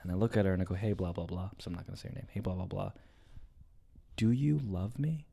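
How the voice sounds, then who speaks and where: A young man co-hosting a comedy podcast, telling a personal story in a loud, animated way, swearing freely and dropping to a hush for the tender parts. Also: deep voice, fast talker, creaky, slightly rough. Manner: animated, swears a lot, swings from loud to hushed. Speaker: podcast co-host.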